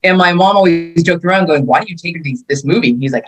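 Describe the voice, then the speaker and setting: In a casual interview, a Californian woman in her fifties who teaches martial arts tells her life story and acts out the quotes along the way. Her voice is lowish, husky, and quick, and the recording quality is low.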